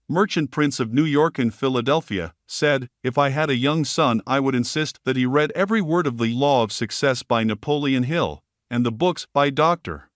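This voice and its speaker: Steady male audiobook narrator, dry sound. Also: medium pitch, dry recording. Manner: steady, measured reading. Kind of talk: audiobook narration of a self-help book.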